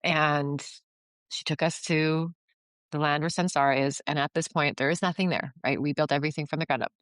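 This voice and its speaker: Low-voiced chatty woman from Canada. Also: fairly even intonation, brisk, a bit bright, clean tone, dry recording. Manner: chatty, filler-heavy, acts out quoted dialogue. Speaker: podcast guest, yoga retreat founder. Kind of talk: casual storytelling interview.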